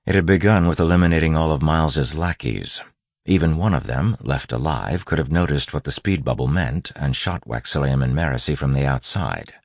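A man narrating a fiction audiobook in a measured, even storytelling manner. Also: rumbling low, vocal fry, breathy edge, no echo.

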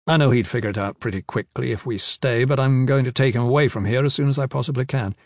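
A man's voice: mid-range voice, quick pace, darkish tone, no echo, studio quality, lightly acted. A man voicing a powerful male lord who speaks earnestly and gives firm orders. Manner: earnest, commanding.

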